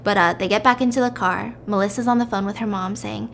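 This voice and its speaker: A woman's voice: mid-range voice, quick pace, vocal fry, slight background noise. A woman hosting a podcast, casually retelling a film plot and acting out the quotes. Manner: animated, acts out the quotes. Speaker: podcast host.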